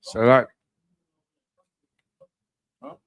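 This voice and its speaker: A man in a study group asking hesitant questions with fillers. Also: drawn-out words.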